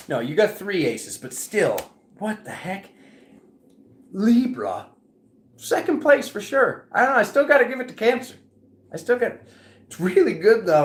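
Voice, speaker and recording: A man giving a casual tarot reading to his viewers, chatty and animated, often checking in with "okay?". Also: a little high, moderate pace, reverberant. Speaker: tarot reader.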